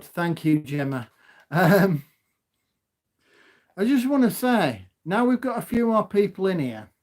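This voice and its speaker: Loud, gobby man on a phone stream. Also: fairly high pitch. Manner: loud, gobby, chatty, laughs often. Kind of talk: casual live stream chat. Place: home.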